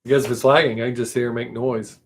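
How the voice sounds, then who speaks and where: A man's voice: mid-range voice, level tone, fast talker, slightly rough. A man hosting his own live stream, chatting with viewers in a rambling, joking, self-mocking way.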